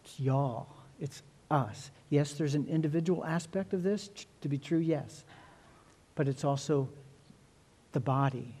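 Middle-aged male pastor, sermon, earnest and repetitive, slightly high, mellow voice. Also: lively intonation, husky. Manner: earnest, repeats words, stresses phrases slowly.

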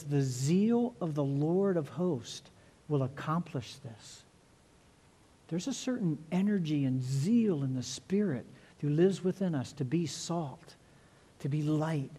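A middle-aged male pastor delivers a sermon in a mellow, warm tone that sits a little high for a man. He is earnest, leans on repeated words and slows down to stress key phrases. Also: husky.

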